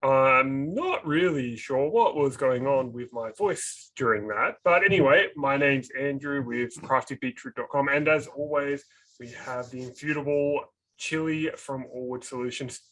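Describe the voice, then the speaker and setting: Dad co-hosting a craft podcast, jokey banter, laughs a lot, regular voice. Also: male voice, mid-range voice, unhurried, fairly bright tone, poor audio. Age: adult parent. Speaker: podcast co-host. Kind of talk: casual podcast chat.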